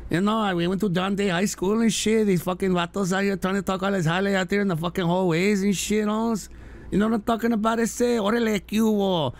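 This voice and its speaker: A man putting on the voice of a young tough from a rough high school, dropping street slang and Spanish words. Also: steady tone, fairly quick. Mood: boastful. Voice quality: slangy mixed English-Spanish street talk.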